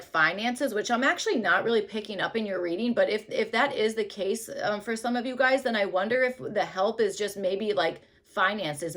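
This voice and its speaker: A woman doing a casual tarot reading to camera, rambling loosely with lots of fillers and hedges, dropping to soft murmurs now and then. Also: mid-range voice. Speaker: tarot reader.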